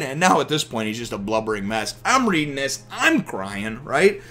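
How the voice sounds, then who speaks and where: A man in his thirties casually reviewing a comic chapter from his home office, animated and emotional, swearing now and then. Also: medium pitch, moderate pace, few pauses.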